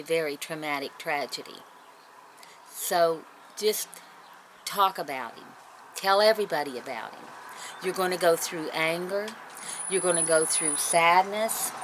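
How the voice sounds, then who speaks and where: A woman's voice: lowish voice, fairly bright tone, low-quality recording. A woman talking tearfully and earnestly to her viewers, consoling and encouraging them in a heartfelt personal talk. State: crying. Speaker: vlogger. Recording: noticeable background noise.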